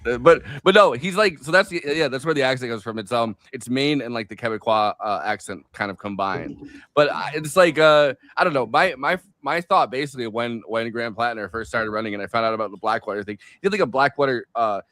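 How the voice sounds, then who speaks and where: A man co-hosts a loose political talk stream at an ordinary pitch, heard close and dry. He rambles through opinions, stacking fillers and restarts as he works toward a point. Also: lively intonation, a little fast, fairly bright tone, no echo. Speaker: co-host. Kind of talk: casual political chat.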